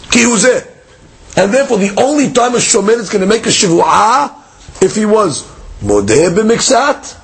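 A man's voice: on the high side, gravelly, husky. A man teaching a daily Talmud lesson, explaining case by case and asking and answering his own questions. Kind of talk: Daf Yomi lesson.

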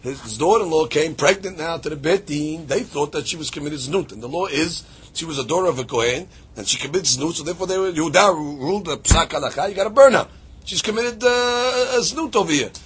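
Man, Talmud teacher, daily lesson, very husky, slightly high voice, step-by-step explaining, fillers and restarts. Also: brisk, fairly bright tone. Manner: explains step by step with many fillers and restarts, rising to emphatic peaks. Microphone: podcast recording.

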